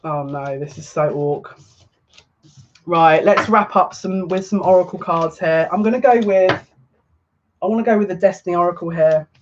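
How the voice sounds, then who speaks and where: Male card reader for a live reading: high-pitched, jokey and chatty, dull lo-fi sound. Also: moderate pace, slight background noise. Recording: muffled lo-fi audio.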